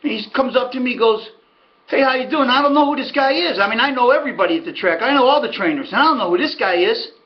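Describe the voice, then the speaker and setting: A man's voice: extremely high pitch, expressive, fast, few pauses, dull audio. A middle-aged American man rambling through a casual monologue, telling stories with folksy asides. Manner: chatty storyteller, folksy asides. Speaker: horse racing handicapper and host.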